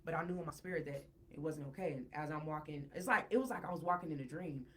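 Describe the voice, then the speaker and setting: A woman guest on a podcast, telling a personal story in a casual, animated way and repeating words when she gets worked up. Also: deep voice, fast talker, slight background noise.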